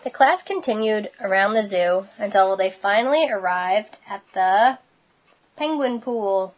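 A woman with a mid-range voice reads a picture book aloud, expressive and unhurried. Along the way, she adds asides of her own.

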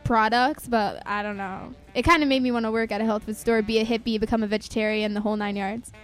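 A woman's voice: a little high, steady tone, fast, clear, resonant tone. A young woman talking casually and reading her poem, rambling with many "like" fillers. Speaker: guest poet. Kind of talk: casual chat and poem recital. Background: faint jazz music.

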